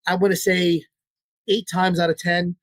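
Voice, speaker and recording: A man's voice: high-pitched, little pitch movement, moderate pace, no echo. A man, a dog trainer, talking casually and bluntly as an interview guest, swearing and repeating his points.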